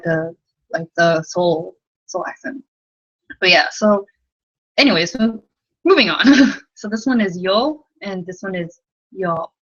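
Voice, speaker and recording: A woman's voice: on the low side, fairly bright tone, lo-fi sound. A young woman teaching a casual livestream lesson from her bedroom at night, rambling, giggly and self-deprecating, with lots of "like.". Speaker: language tutor.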